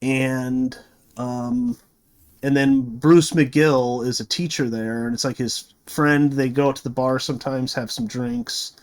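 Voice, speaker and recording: A man's voice: medium pitch, steady tone, measured pace. A man reviewing a movie, retelling the plot in a rambling, casual way full of fillers and restarts.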